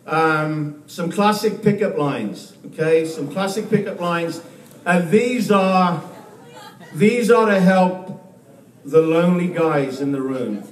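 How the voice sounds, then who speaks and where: A man doing a stand-up comedy set, with a halting delivery full of repeated words and restarts. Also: fairly high pitch. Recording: echoey room, mic far off, faint noise.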